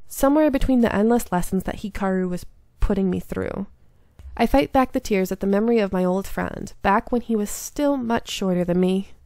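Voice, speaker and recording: A woman's voice: mid-range voice, a little fast, mellow, dry recording. A woman reading a story game aloud, earnest and emotionally invested in what she reads. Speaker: game streamer.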